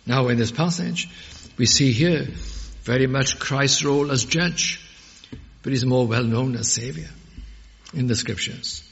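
A man preaching a sermon, fervent and emphatic, rising to loud peaks when he quotes scripture. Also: medium pitch, a little slow, vocal fry, pauses often. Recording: muffled audio with long hall reverb.

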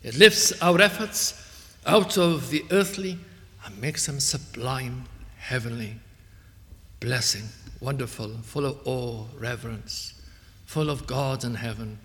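A man preaching a sermon earnestly, swelling to emphatic peaks and then dropping soft. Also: mid-range voice, takes it slowly, long reverb tail.

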